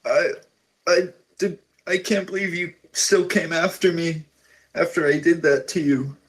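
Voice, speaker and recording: A man's voice: medium pitch, moderate pace, pitched above the performer's own voice, lightly acted. A man voicing a weeping young woman, a captive sister, who apologizes and pleads through tears in a tabletop game. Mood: apologetic.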